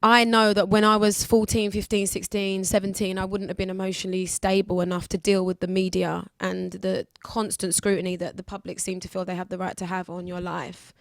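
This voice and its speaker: Brief: woman, 20s, radio guest, candid and lively, dry close sound. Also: mid-range voice, fairly quick, gravelly, hardly any pauses, no room sound. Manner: candid, lively, acts out other people's voices. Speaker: guest singer. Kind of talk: casual radio interview chat.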